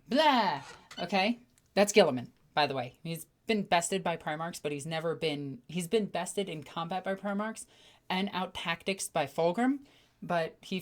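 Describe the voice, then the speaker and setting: A woman chatting casually on a livestream, telling stories with animated energy and reading out viewer messages. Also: lowish voice. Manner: excitable, animated storytelling with acted-out voices. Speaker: streamer.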